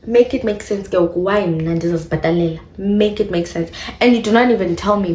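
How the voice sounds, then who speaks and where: A woman's voice: medium pitch, brisk, hardly any pauses, darkish tone, roomy sound. A young woman with a South African accent telling a storytime to her viewers in casual chat, slipping in isiXhosa phrases. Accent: South African English. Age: young adult. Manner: chatty, addresses viewers, mixes in isiXhosa phrases. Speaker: vlogger.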